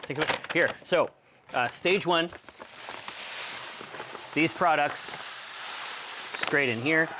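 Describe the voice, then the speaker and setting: A man's voice: fairly high pitch, slow, pauses often. Joking man co-hosting a brewing stream. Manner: jokey, leads the brewing steps by asking questions. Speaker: co-host. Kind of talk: casual livestream banter. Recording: noisy room audio.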